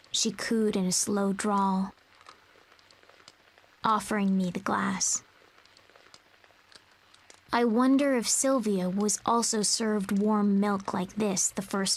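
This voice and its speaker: A woman voicing a lonely young girl who narrates her past in a soft, brooding whispered role-play for a video game. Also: mid-range voice, rough recording. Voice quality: breathy, often whispered.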